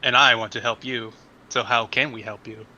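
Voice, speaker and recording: A man's voice: mid-range voice, steady tone, moderate pace, sharp tone, highs cut off. A man playing in a tabletop game, asking questions in a hesitant, searching way. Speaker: player. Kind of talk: casual tabletop play.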